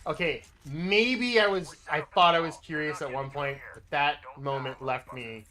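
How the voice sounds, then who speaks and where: A man's voice: fairly high pitch, unhurried, sharp tone. A man livestreaming a game, telling a story in a rambling, self-interrupting way and swearing casually. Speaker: livestreaming gamer. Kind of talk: casual storytelling while gaming.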